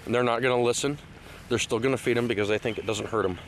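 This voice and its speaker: A man's voice: medium pitch, steady tone, fast, slight background noise. A man on a one-take outdoor park tour, talking in a rambling, hesitant way with lots of fillers, at times heated and at times choked up. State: emotional, teary at times. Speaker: vlogger giving a park tour. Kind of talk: casual one-take outdoor vlog talk. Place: outdoors at a lakeside state park.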